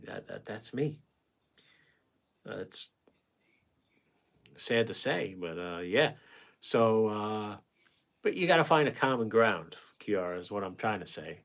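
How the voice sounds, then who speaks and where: A man in his forties with a somewhat low voice, chatting casually on a livestream. He reads viewer comments out loud and answers them with frank, rambling advice. He swears freely and often breaks off mid-thought to start over. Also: expressive, slow pace, gravelly, long pauses. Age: 40s. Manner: blunt, rambling, swears freely, self-interrupting; gives frank dating advice to viewers by name. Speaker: painting livestream host.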